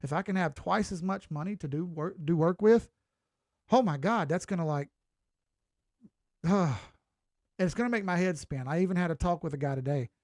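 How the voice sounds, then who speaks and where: A man's voice: high voice, fairly quick, darkish tone, no echo, studio quality. A middle-aged man with a Southern US accent, giving casual, folksy crypto chart commentary with some swearing. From Southern United States. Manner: folksy, chatty, mild swearing.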